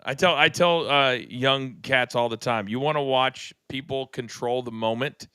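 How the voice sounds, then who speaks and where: Bright, crisp man, excitable co-host. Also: medium pitch, moderate pace, no room sound. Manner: excitable, laughs easily, acts out scenes. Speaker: podcast co-host. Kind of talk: casual wrestling talk.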